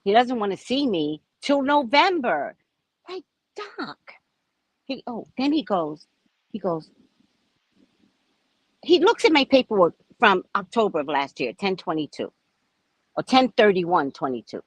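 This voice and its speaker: Lively, chatty woman vlogger. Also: medium pitch, unhurried, long pauses, husky, no echo, low-quality recording. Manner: chatty, animated, frank and a bit profane. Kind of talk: casual storytelling vlog. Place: at a resort.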